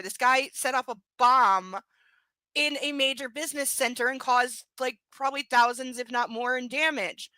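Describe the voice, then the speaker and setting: A woman's voice: fairly high pitch, moderate pace, sharp tone, no echo, rough recording. A woman doing a live book reading, breaking off into sarcastic, exasperated commentary with swearing. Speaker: reader and commentator.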